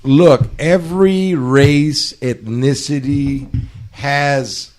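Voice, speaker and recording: A man's voice: on the high side, steady tone, very slow, a little mellow. A man hosting a podcast, telling stories in casual, profane slang. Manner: profane, storytelling, streetwise slang. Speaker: podcast host. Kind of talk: casual chat.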